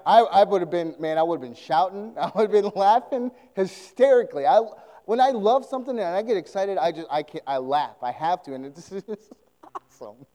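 Animated laughing preacher in a church. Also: male voice, sits high, a little fast, long reverb tail, low-quality recording. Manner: animated, laughing often, acting out scenes. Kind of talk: sermon storytelling.

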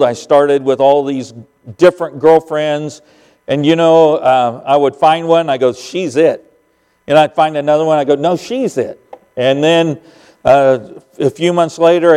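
A man in his fifties preaches in a church with a high, light voice. He is folksy and earnest, dropping to a hush for tender points and lifting again to drive them home. He talks like a visiting preacher among friends. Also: clear, resonant tone. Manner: earnest, folksy and homespun, swinging between emphatic and hushed. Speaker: guest preacher. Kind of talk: sermon.

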